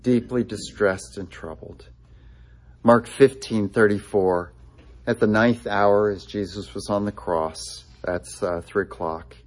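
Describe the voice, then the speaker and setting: A pastor with a lowish voice preaches slowly, keeping his sermon conversational. He often uses fillers and restarts, and he quotes scripture with real feeling.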